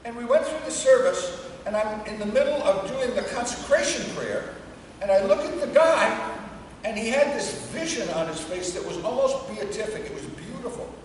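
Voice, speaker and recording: A woman priest giving a conversational sermon to a congregation, dropping to a hush when she tells a story. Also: a little high, expressive, moderate pace, a little hiss or hum. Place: church before a congregation. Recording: echoey church from far off.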